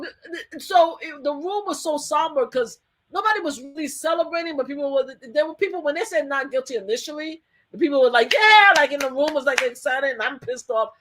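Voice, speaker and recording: A woman guest, a survivor advocate, tells a story in an animated interview. She laughs often and acts out what people said. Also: sits high, fast.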